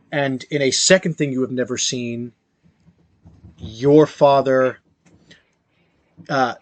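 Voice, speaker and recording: A man narrating a tabletop game as game master, in slow, halting speech with fillers. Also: mid-range voice, no room sound.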